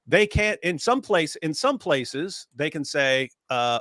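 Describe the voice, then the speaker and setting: A man's voice: on the high side, sing-song, slow pace, fairly bright tone, no echo, studio quality. Man making his case plainly. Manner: argumentative, acts out quoted speech. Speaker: co-host. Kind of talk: casual online discussion.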